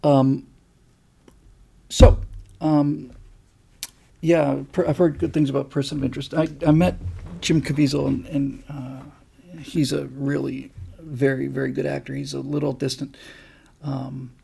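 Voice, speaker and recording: A man's voice: mid-range voice, little pitch movement, a little slow, gravelly, pauses often, dark tone, husky. A middle-aged man hosting a casual livestream, answering viewer comments in a rambling, enthusiastic way. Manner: rambling and enthusiastic, with many fillers. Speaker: host.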